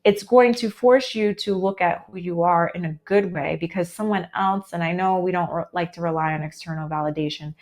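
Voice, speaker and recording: A woman's voice: on the low side, a little fast, hardly any pauses, darkish tone. A woman with an American accent giving a chatty, upbeat live tarot reading, full of "um" and "like". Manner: chatty and upbeat, heavy with fillers like "um" and "like". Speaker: tarot reader.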